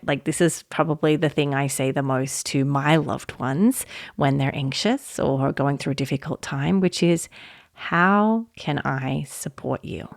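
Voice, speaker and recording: A woman hosting a solo podcast, talking in a gentle, reflective way and laughing often. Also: low voice, vocal fry, dry recording, studio quality. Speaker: podcast host.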